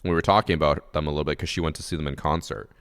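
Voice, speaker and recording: Streamer, man in his 20s, booming low voice, swears freely while venting. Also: steady tone, rapid-fire, fairly bright tone, smooth, no room sound, studio quality. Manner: profane, ranting storyteller. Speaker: live streamer. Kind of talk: casual chat on stream.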